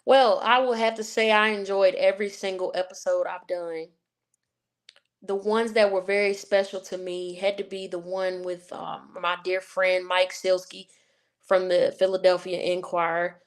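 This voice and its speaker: A woman's voice: fairly low pitch, little pitch movement, moderate pace, clear, resonant tone. A woman from Southern Virginia with her local accent, a guest telling stories at length in a casual interview, with many fillers. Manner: chatty storyteller, many fillers like "you know". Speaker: guest, sports writer and podcast host.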